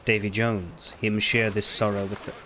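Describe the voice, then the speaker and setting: A man's voice: lowish voice, flat delivery, normal speed, pushed and bright, slight background noise. A man streaming a game, commenting casually with exasperated, swearing jokes.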